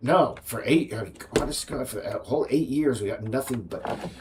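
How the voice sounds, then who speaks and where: A man's voice: mid-range voice, normal speed, background noise. An American man, a game developer, rambling and ranting on a casual livestream, with frequent restarts.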